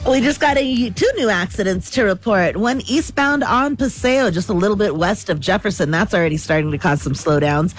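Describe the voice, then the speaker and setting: A woman giving traffic reports on a radio show, brisk with wry little asides. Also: mid-range voice. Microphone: studio microphone.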